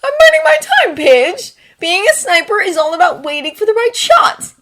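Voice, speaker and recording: A woman's voice: wildly swooping pitch, moderate pace, full character voice. A woman voicing a strained, anxious young man. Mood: taunting. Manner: loud, strained, pitched high. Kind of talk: fanfiction audio reading.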